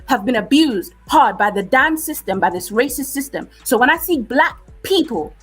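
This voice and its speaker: Husky, forceful British woman. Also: on the high side, expressive, normal speed, soft background music, low-quality recording. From United Kingdom. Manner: forceful, lecturing, keeps asking "okay?". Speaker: stream debate panelist. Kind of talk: heated live-stream debate.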